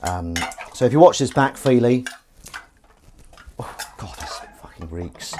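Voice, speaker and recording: A man's voice: mid-range voice, lively intonation, unhurried, noisy background. A man chatting casually on a live stream while washing up, rambling, joking and swearing freely.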